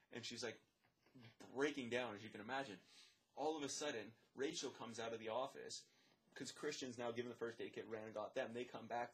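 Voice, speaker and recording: A man who works as a lifeguard and swim instructor, telling a story in casual chat, animated, swearing, and acting out the dialogue. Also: mid-range voice. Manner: animated, swears, many fillers; acts out dialogue, drops to a whisper.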